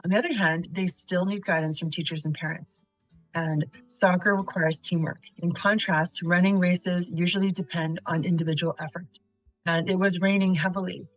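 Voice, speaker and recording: Woman, writing teacher for a video lesson; lowish voice, dry close sound, methodical delivery, reads examples and quiz answers aloud. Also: fairly even intonation, moderate pace, no echo, soft background music, rough recording. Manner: quizzes the viewer, then gives answers.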